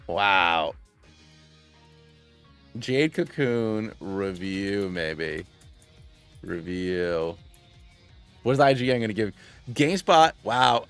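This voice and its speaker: Rambling streamer man, low voice. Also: takes it slowly, long pauses, clear, resonant tone, dry recording, soft background music. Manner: rambling, excitable, many restarts and tangents. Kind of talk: casual gaming stream chat.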